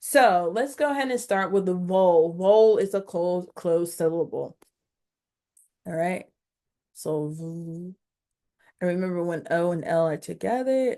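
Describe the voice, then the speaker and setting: A woman's voice: lowish voice, warm tone. A woman teaching a phonics lesson on video, speaking directly to her learners, sounding out each syllable and encouraging them along. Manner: slow, instructive, sounding out syllables.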